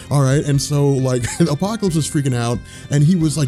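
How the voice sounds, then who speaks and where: A man's voice: a little high, quick pace, hardly any pauses, dark tone, faint music behind. Rambling, slangy male comic recapper. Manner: rambling, filler-heavy, slangy. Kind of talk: casual story recap.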